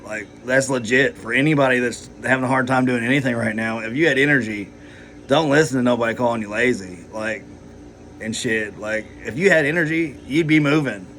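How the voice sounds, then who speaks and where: A man's voice: mid-range voice, a little fast, fairly bright tone. A man rambling heatedly in a personal vlog, swearing a lot and filling his talk with "like" and "you know". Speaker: vlogger.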